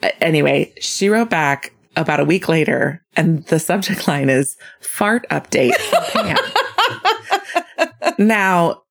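A woman's voice: on the low side, very animated, takes it slowly, gravelly. A woman co-hosting a podcast, reading a listener's letter aloud and often breaking into laughter. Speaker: podcast co-host.

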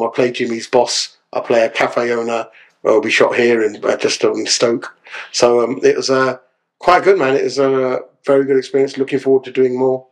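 Guy on a podcast, chatty, keeps saying yeah? after everything. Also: medium pitch. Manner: chatty storyteller, keeps tagging lines with "yeah?". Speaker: podcast guest, solicitor and actor. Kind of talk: casual podcast chat.

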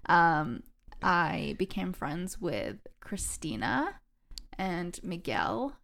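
A woman's voice: fairly low pitch, sing-song, drawn-out words, gravelly, fairly bright tone. A young woman from England with a faint English accent, a podcast guest chatting casually and laughing easily. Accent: faint English, mostly Canadian. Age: young adult. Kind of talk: casual chat.

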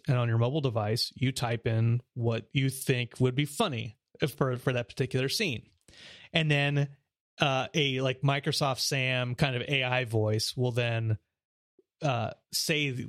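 A middle-aged man co-hosting a podcast, chatting casually and telling an animated story with frequent laughter. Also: normal speed, dry recording, clean studio sound. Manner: animated storyteller, laughs often, mimics high voices. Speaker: podcast co-host. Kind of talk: casual chat.

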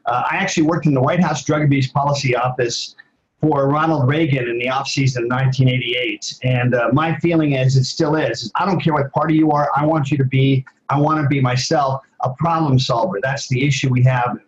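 A man's voice: medium pitch, steady tone, a little fast. Rambling older man telling stories, dull sound. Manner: rambling, with many fillers and restarts. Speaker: guest, former athlete and advocate. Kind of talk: casual storytelling interview.

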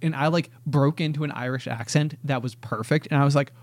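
A man co-hosting a podcast, telling stories in a rambling, animated casual chat. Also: a little high, fairly quick, slight background noise. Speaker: podcast co-host.

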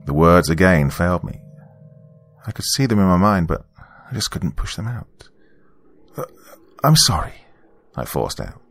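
A man narrating a first-person story in a calm, measured, reflective way. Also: deep voice, faint music behind.

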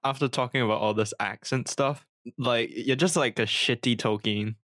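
A man's voice: medium pitch, steady tone, moderate pace, a bit bright, no echo, clean studio sound. A man co-hosting a casual podcast, teasing with short replies. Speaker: podcast co-host. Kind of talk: casual chat.

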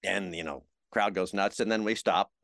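A middle-aged man telling showbiz stories in an interview, acting out quotes with lively energy. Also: deep voice, moderate pace, vocal fry, dry recording, studio quality. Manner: animated anecdotes with acted-out quotes. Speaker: guest, TV host. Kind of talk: storytelling interview.

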